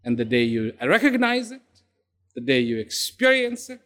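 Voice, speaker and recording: A man giving an inspirational talk to an audience. He is emphatic, repeats key words and uses dramatic pauses. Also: medium pitch, big pitch swings, a bit bright. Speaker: speaker. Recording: long hall reverb.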